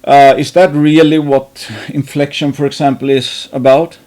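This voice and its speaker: A man's voice: medium pitch, little pitch movement, normal speed, a little mellow. A man hosting an investing channel, thinking aloud in a rambling way, with many restarts and fillers and some casual swearing.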